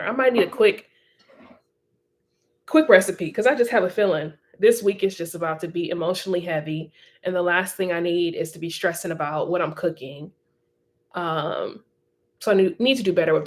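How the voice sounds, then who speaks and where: A woman hosting a casual livestream, reading viewer comments in a chatty, encouraging way and laughing often. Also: on the low side. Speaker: livestream host.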